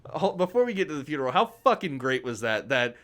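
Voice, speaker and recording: A man's voice: a little high, fast talker. Laid-back man in candid podcast chat. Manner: relaxed, candid, swears casually. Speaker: podcast co-host. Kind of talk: casual movie review chat.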